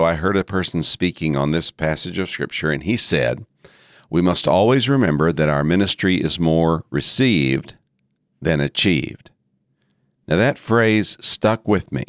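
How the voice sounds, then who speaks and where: A man hosting a ministry leadership podcast, speaking with a deep, gravelly voice from allergies in a measured teaching style that slows down to stress key phrases. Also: no room sound, clean studio sound. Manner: measured, emphatic, repeats key phrases slowly. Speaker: podcast host and seminary president.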